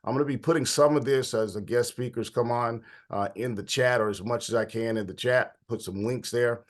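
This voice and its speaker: A man hosts a policy talk in a relaxed, conversational way. His voice is a bit stuffy and congested, and he greets attendees by name as they come in. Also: mid-range voice, fairly quick. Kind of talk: casual online meeting hosting.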